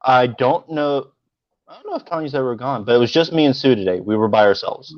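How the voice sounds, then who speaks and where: A man's voice: mid-range voice, a little fast, no echo, dull audio. Dry-humored man co-hosting a stream. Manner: dry, joking, teasing. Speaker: livestream co-host. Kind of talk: casual livestream chat.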